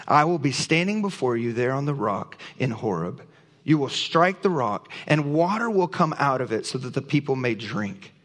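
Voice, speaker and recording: Man, pastor preaching a sermon, earnest and emphatic, slightly high voice, long church reverb. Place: church sanctuary.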